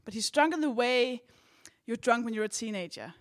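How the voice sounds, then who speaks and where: A woman co-hosting a live comedy show, telling an animated stand-up story and laughing along as she goes. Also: fairly high pitch, brisk. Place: live comedy venue with audience.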